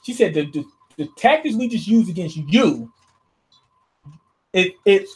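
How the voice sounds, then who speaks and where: A man casually reviewing a comic chapter, slangy and thinking out loud with laughs. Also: sits high, lively intonation, measured pace. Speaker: manga reviewer.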